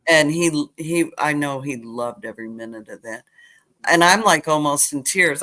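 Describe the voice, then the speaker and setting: An older woman telling childhood stories in a casual chat, animated as she retells them. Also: sits low, normal speed. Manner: animated retelling with acted quotes. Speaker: guest.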